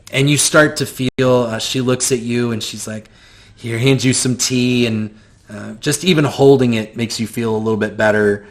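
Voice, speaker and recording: A man narrates a tabletop game as game master at a slow pace. He pauses often with ums. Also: medium pitch, fairly bright tone. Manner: hesitant, many ums.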